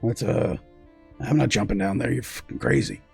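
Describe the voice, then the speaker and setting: A man's voice: medium pitch, sing-song, moderate pace, faint music behind, heavily acted. A man doing a grumbling ferry captain. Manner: gruff, grumbling, swearing.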